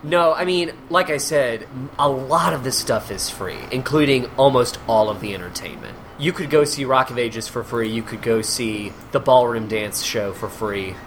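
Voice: mid-range voice, moderate pace, few pauses, a little hiss or hum. A guest who performs improv on cruise ships, telling stories in casual chat and acting out the people in them. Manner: animated storyteller, acts out quoted people, laughs often.

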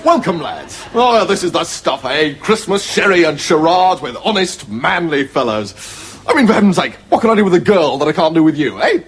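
An actor playing a hearty, bumbling, dim young prince with an upper-class English accent. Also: male voice, on the high side, big pitch swings, moderate pace, husky. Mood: jolly. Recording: hissy old TV recording.

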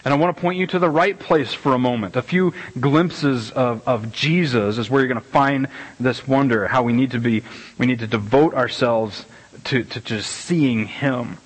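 A middle-aged man preaching a casual, conversational sermon as pastor, animated and rambling, with many restarts and repeated words. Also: medium pitch, moderate pace, husky, rough recording. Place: church sanctuary.

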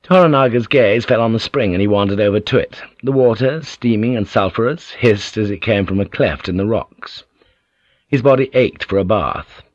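A man reading an audiobook in steady, descriptive scripted narration. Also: fairly low pitch, moderate pace, no room sound, dull audio.

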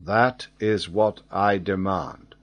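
A man's voice: deep voice, slow, dull audio. A man reading as a defiant prisoner quartermaster. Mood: stubborn. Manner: defiant and clipped.

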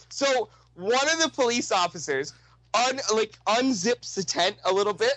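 High-voiced profane man telling a story. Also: moderate pace, dry recording, poor audio. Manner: animated, profane, laughs often. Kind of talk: casual storytelling.

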